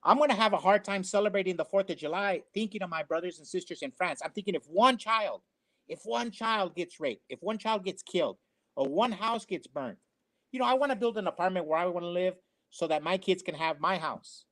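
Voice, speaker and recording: A man's voice: sits high, fairly quick, a bit bright. A man giving opinionated commentary, emphatic and preachy, repeating his phrases for effect. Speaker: co-host.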